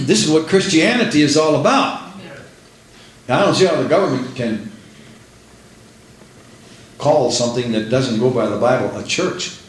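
A man's voice: mid-range voice, lively intonation, moderate pace, pauses often, slight background noise. A man preaching a sermon, emphatic, repeating phrases for effect. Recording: roomy echo.

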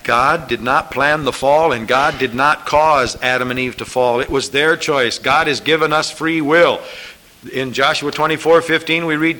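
A man preacher delivering a sermon, emphatic and repetitive, rising to loud scripture calls and dropping low for asides. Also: fairly even intonation, normal speed, low-quality recording. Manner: emphatic, repeating lines, rising to shouted scripture.

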